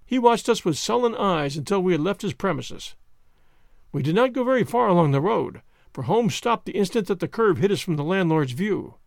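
Expressive male storybook narrator, high and lively. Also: fairly quick, gravelly, no echo, studio quality. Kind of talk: scripted storybook reading.

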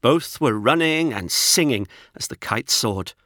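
A man gives an expressive, lively reading of a children's storybook, his medium-pitched voice rising and falling freely at a measured pace. It sounds bright and forward, recorded close and dry with no room sound.

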